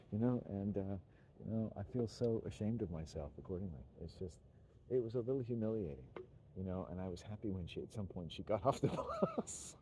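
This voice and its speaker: Low, dark-voiced man rambling with restarts. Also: slight background noise. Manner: meandering, halting, frequent restarts and chuckles. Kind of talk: rambling monologue.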